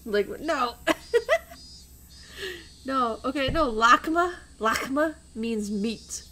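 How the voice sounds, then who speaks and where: A woman streamer reading a visual novel aloud and chatting, animated and profane when she rants. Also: fairly high pitch, extremely slow, slight background noise. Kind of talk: casual streamed read-aloud with chat.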